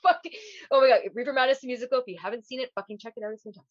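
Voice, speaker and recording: A woman's voice: a little high, very fast, a crowd in the background. A woman in her thirties co-hosting a casual podcast chat, swearing freely and laughing often. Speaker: podcast co-host. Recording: dull, lo-fi dry sound.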